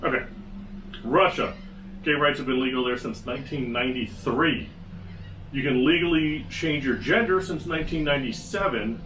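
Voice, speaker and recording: A man's voice: medium pitch, moderate pace, sharp tone, a little hiss or hum. A man hosting his own podcast, talking through a casual solo commentary with sarcastic, wry asides. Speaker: podcast host. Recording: echoey room, mic at a distance.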